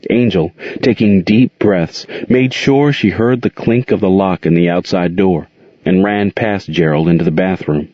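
Very deep-voiced male storyteller. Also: a little slow, no echo. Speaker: narrator. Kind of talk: storybook reading aloud. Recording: dull lo-fi dry recording.

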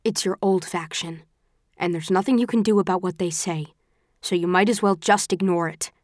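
Woman reading a calm, tired, bookish young man, steady and a bit lecturing, very dry close sound. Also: fairly low pitch, moderate pace, no echo, close to an everyday voice. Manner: steady, reasoning, mildly lecturing. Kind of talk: audiobook character voice.

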